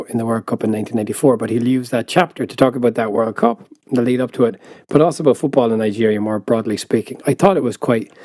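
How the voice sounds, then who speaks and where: Irish fella chatting on a podcast, dry close sound, mellow voice, rambles a bit. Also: male voice, lowish voice, no echo. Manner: rambling, self-deprecating, laughs often. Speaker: podcast co-host. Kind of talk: casual chat.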